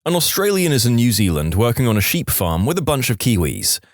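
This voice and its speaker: A man hosting a podcast, reading jokes aloud in a deadpan way. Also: medium pitch, brisk, dry recording, clean studio sound. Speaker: podcast host.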